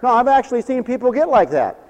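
Older male preacher, high-pitched and very animated, in a hall with a long echo. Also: quick pace. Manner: folksy, humorous storytelling with acted quotes. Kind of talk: sermon.

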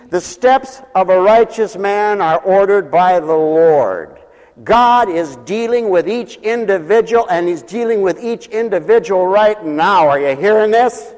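A male pastor giving a lively sermon, acting out the voices of the people in his stories and laughing often. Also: sits high. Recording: long reverb of a hall.

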